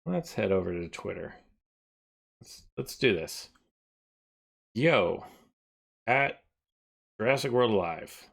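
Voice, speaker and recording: Male streamer, unhurried, lowish voice, rambling and thinking out loud to chat. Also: animated, gravelly. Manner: rambling, thinks aloud, often trails off quieter. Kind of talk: casual live-stream chat.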